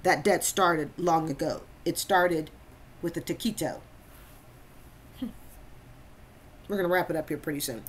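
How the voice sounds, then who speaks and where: A woman's voice: deep voice, unhurried, long pauses, slight background noise. A woman hosting a reaction commentary, emphatic and repeating phrases for stress. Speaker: host.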